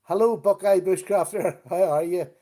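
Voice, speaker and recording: Middle-aged man, livestream host; easygoing chatter, warm mellow tone, slightly higher pitch. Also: normal speed. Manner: chatty, greets viewers by name, easygoing. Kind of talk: casual live chat with viewers.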